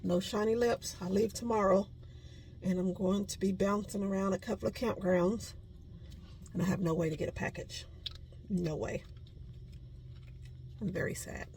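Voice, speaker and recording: A woman's voice: medium pitch, fairly even intonation, a little fast, vocal fry, darkish tone, slight background noise. A woman chatting casually to camera as she vlogs her van life outdoors, talking to herself and laughing at herself. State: out of breath while hiking. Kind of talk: casual vlog chat to camera. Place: outdoors, desert campground and sand dunes.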